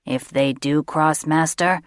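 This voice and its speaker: A woman narrator voicing a dim, eager male griffin servant who talks in slow, broken sentences through his nose. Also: sits low, fairly even intonation, no echo, clean studio sound. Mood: servile. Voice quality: nasal. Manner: broken grammar, slow, servile. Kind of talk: audiobook character voice.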